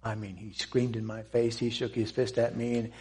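An older man telling a personal testimony to a church audience, speaking in an earnest, halting way with pauses and restarts. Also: medium pitch, little pitch movement, a little mellow. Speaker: Christian speaker giving a testimony.

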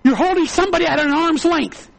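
Fervent male preacher, very high gravelly voice, builds his sermon with repetition and rising shouts. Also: fast talker, low-quality recording.

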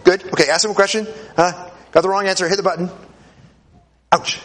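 A man with a high-pitched voice lectures a classroom audience at a brisk pace. He is animated and urging, repeating himself as he runs a live demonstration and acts out voices.

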